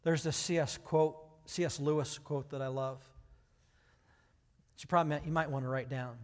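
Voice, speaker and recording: Pastor, male, a sermon that moves from easy talk to forceful emphasis, slightly high voice, church reverb. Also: fairly even intonation, normal speed. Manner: conversational preaching that builds to loud, emphatic passages. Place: church sanctuary. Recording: hall reverb.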